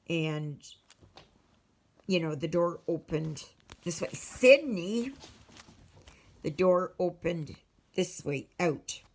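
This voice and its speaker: A Canadian woman chatting casually to her viewers as a cross-stitch vlogger, rambling and storytelling with many fillers. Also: low-pitched.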